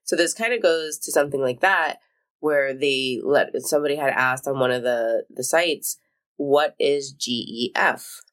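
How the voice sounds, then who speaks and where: A woman's voice: extremely low pitch, normal speed, fairly bright tone. A woman co-hosting a podcast in casual chat, telling stories animatedly and acting out dialogue with plenty of swearing. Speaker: podcast co-host.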